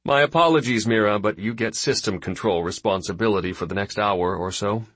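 A man voicing a seasoned male fleet admiral who speaks in a measured, wry way. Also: on the low side, a bit bright, slightly rough, no room sound.

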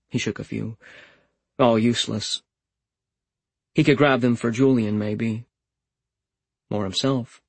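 A man narrating a literary novel in a calm, measured, understated way on a close studio mic. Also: mid-range voice, creaky, breathy edge, no echo, rough recording. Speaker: audiobook narrator.

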